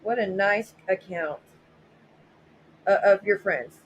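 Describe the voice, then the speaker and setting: A woman hosts a casual livestream, reading viewer messages aloud in a middle-pitched voice. She reacts bluntly and sarcastically and swears freely. Faint noise hums behind her. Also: slow, dull audio. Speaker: livestream host.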